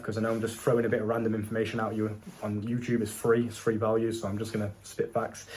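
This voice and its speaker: A man's voice: mid-range voice, a little mellow. A young man giving casual, unscripted dating advice, brash and swearing, talking straight to the viewer. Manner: brash and profane, swaggering slang, talks straight to viewer. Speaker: dating coach.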